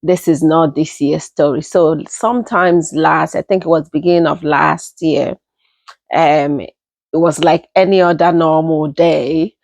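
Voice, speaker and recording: Slow, low-voiced Nigerian woman. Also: steady tone, gravelly, a little mellow, no echo. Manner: unhurried, personal, repeats herself as she talks. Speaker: storytelling vlogger. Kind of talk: casual storytime.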